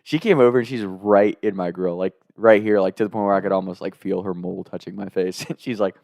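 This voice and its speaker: A young man telling a story from his school days in a casual, animated way, acting out what people said, with sudden loud outbursts. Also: on the low side, fast talker, hardly any pauses, dry recording, clean studio sound.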